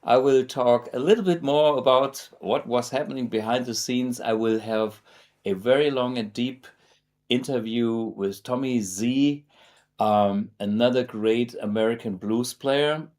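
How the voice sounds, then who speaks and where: A man's voice: mid-range voice, measured pace, darkish tone. A German man hosting a guitar show, talking casually to camera in English with many fillers and restarts. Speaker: host.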